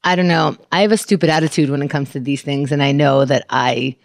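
A woman's voice: low voice, fairly even intonation, brisk, dry recording, clean studio sound. A woman co-hosting a podcast, blunt and curious, who keeps asking pointed questions. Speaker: podcast co-host. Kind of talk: casual chat.

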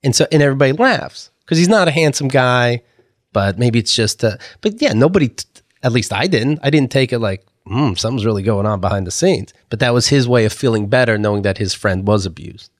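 Rambling animated man telling stories. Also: mid-range voice, a little fast, no echo, clean studio sound. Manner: rambling storyteller, mimics voices. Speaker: co-host. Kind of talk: casual podcast banter.

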